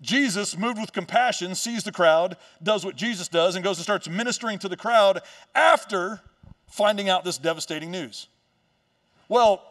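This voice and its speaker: A male pastor with a high voice preaching in a loose, joking storyteller manner. He turns the story over with quick asides and playful lines. His voice sounds a little away from the mic. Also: a bit bright, far from the mic. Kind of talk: sermon. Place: church stage.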